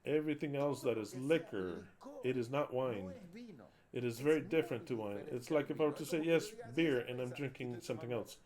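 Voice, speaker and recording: A man's voice: medium pitch, brisk, a crowd in the background. A man from Argentina, a minister giving blunt, emphatic live commentary on viewer comments, repeating words and cursing.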